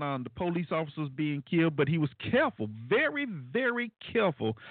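A man hosts a call-in talk radio show, speaking through a thin, tinny phone line with a dry, close sound. His fairly high voice swings up and down a lot as he talks loosely, full of fillers and asides to listeners. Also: no echo. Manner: animated, conversational, frequent fillers and asides to listeners.

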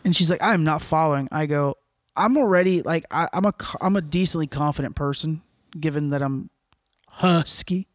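A man's voice: a little high, moderate pace, no room sound, studio quality. A man co-hosting a podcast, joking and boasting in casual banter, laughing often. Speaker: podcast co-host.

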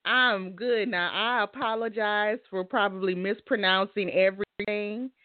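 A woman's voice: mid-range voice, fairly even intonation, unhurried, dry recording. A woman hosting a podcast interview. She reads a scripted intro and then asks friendly questions. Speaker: podcast host. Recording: dry, phone-like sound.

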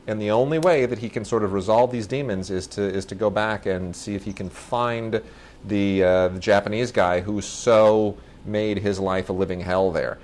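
A man co-hosting a casual movie review chat, enthusiastic and rambling, often restarting and correcting himself mid-sentence. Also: lowish voice. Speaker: film review co-host.

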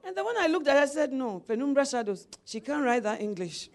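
A woman's voice: high-pitched, very animated, fast talker, a faint crowd. A middle-aged woman preacher delivering a sermon, telling a personal story with laughter and calls of amen.

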